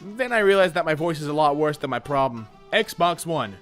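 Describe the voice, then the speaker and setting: A man reading memes and jokes aloud in a playful, joking way, often laughing and slipping into quick silly voices. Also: fairly high pitch, animated, faint music behind. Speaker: meme video narrator.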